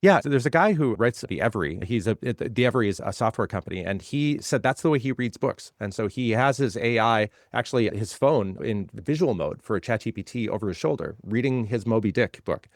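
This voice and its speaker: A man's voice: on the low side, animated, fairly quick, few pauses, no room sound. Dry-voiced man explaining at length. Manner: explanatory, builds points by repeating phrases. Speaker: interview guest, legal tech expert. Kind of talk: conversational interview.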